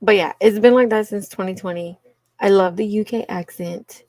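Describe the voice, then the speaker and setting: On a livestream, a woman with a Cajun accent chats casually with her viewers, laughing often and calling them y'all. Her voice is medium-pitched and a little mellow, at a normal speed, with no echo.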